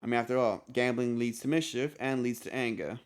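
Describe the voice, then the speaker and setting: A man's voice: mid-range voice, a little fast, clean tone, close to an everyday voice. A man voicing a genteel, polite male tavern keeper who calls guests darling. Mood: chatty.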